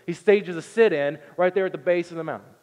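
A man preaching a sermon, telling the story with earnest energy and swinging from loud to hushed. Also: high voice, fast. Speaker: pastor. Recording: long reverb in a large hall.

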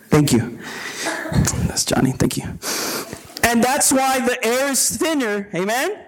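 A man's voice: very high voice, very animated, slow, long pauses, rough recording. A man preaching as a pastor at a retreat, often repeating words and asking the crowd to agree with him. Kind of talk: sermon. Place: retreat gathering before a live audience.

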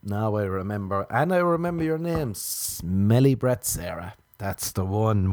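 A man's voice: lowish voice, measured pace, darkish tone, no room sound, clean studio sound. A man, delivering a self-mocking comic monologue. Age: 30s. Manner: ranting, self-mocking, acts out his own inner voice. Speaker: comedian.

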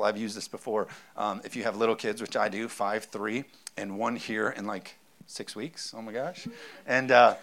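A man's voice: medium pitch, fairly bright tone. A man in his thirties, a pastor preaching a sermon with emphasis and often calling out for an amen.

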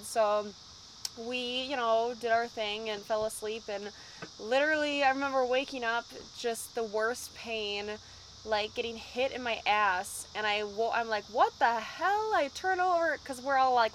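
A woman's voice: on the high side, normal speed, a little hiss or hum, poor audio. A young woman, a band vocalist, chatting casually in an interview and acting out the people in her stories. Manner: lively storyteller, acts out quotes.

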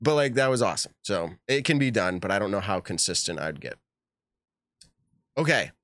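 A man hosting a live podcast in casual chat, animated and laughing often as he reads texts aloud. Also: lowish voice, normal speed, no echo, clean studio sound. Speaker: podcast host.

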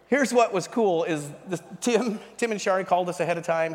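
A fairly high-voiced man tells his story as a sermon, animated and lively, acting out the voices of the people he met. His voice rings through a church auditorium with a long reverb tail. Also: fast, few pauses. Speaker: pastor. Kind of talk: sermon testimony. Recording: reverberant hall.

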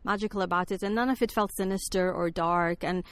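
A woman's voice: lowish voice, steady tone, fairly quick, dry recording. A woman talking enthusiastically about films in a casual discussion, often saying "like". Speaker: film podcast guest.

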